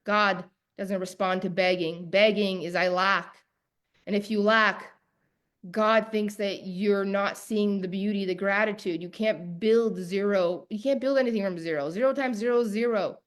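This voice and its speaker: Addressing her viewers directly, a woman coach leads a live online masterclass with an emphatic, preacher-style rhythm and repeated key phrases. Her voice is medium in pitch, steady in tone, and delivered at normal speed.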